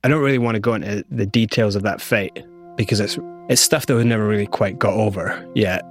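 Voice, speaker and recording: A man's voice: lowish voice, a little fast, faint music behind. Man recounting his story animatedly. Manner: animated storyteller, acting out quotes. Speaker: guest. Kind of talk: telling his story in an interview.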